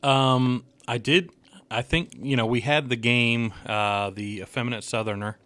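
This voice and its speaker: A man's voice: medium pitch, fairly even intonation, measured pace, fairly bright tone, no room sound. Joking male podcast co-host. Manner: joking, self-deprecating. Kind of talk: casual chat.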